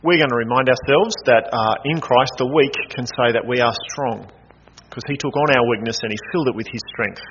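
Calm man leading worship in a church hall. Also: mid-range voice, a little fast. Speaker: worship leader. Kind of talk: church service announcement. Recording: dull, noisy hall recording with long reverb.

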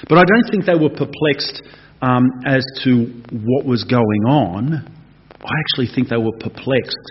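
A man preaching a conversational, animated expository sermon. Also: mid-range voice, measured pace, a little hiss or hum. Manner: animated, conversational, acts out voices. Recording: dull lo-fi recording.

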